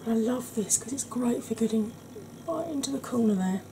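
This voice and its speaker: A woman explaining her makeup steps in a soft, chatty ASMR tutorial, often clearing her throat. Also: a little high, expressive, fairly quick, background noise. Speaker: beauty vlogger.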